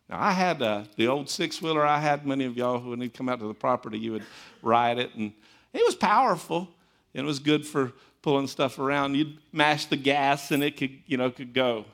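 A man preaching a sermon as a pastor, telling stories in an animated, conversational, folksy way. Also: mid-range voice.

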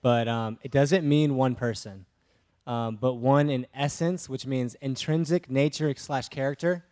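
A man's voice: medium pitch, fairly even intonation, unhurried, a little mellow. A man hesitantly explaining a word's meaning to a congregation, with frequent ums.

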